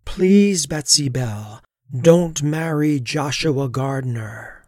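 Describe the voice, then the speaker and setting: A man voicing a sorrowful female witch spirit, pleading gently and slowly. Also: fairly high pitch, lively intonation, no echo, clean studio sound.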